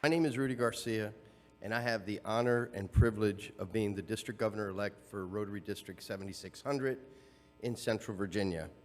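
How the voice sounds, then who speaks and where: A man's voice: on the low side, brisk. A man, a district governor-elect, giving formal, appreciative remarks at a conference. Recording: long reverb of a large hall.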